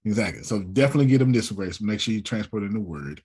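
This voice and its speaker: A man leading a relaxed work meeting. His voice is low and husky, with lively rises and falls. He jokes around in loose, colloquial speech and laughs easily. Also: rapid-fire. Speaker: company founder leading a team meeting.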